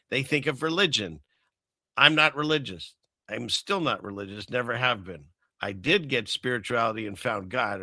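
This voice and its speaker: A man's voice: mid-range voice, bright, forceful tone, dry recording. A man hosting a casual commentary show, rambling with sarcastic asides and frequent chuckles. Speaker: host.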